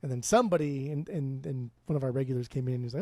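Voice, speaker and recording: A man's voice: medium pitch, fast talker, darkish tone, dry recording. A man co-hosting a podcast in casual chat, rambling, swearing freely and restarting his sentences. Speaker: podcast co-host. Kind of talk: casual chat about music.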